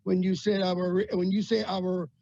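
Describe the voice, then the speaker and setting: A man co-hosting a video call with comedic banter, talking in halting bursts and repeating his words. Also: high voice, little pitch movement, creaky, warm tone. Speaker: co-host. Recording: dull lo-fi video call audio.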